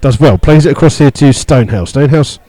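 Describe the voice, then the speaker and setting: Brief: male radio football commentator, mellow tone, halting play-by-play full of fillers, gets worked up over referee calls. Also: no echo, poor audio. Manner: steady play-by-play with many fillers, rising in pitch when indignant. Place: stadium stand among fans.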